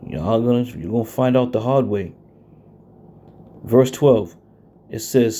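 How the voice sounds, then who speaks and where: In a medium-pitched, dark voice, a man delivers a scripture sermon, blunt and confrontational in tone. He reads the verses slowly, leaning hard on the stress.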